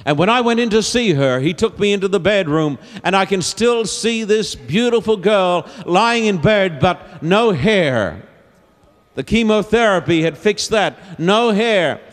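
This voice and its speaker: A man preaching an evangelistic sermon, slow and emphatic, repeating his key phrases. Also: high voice, lively intonation. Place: large auditorium. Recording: long reverb of a big hall.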